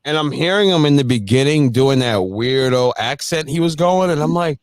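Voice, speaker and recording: A man hosting a casual livestream chat, animated and laughing often as he talks. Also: on the high side, moderate pace, no echo. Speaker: host.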